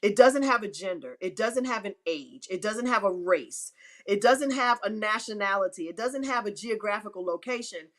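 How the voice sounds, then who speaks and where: A woman's voice: lively intonation, normal speed, a bit bright. A woman speaking as an inspirational speaker in a faith-filled motivational talk, emphatic and repeating phrases for effect. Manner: acts out quotes with pitch swings.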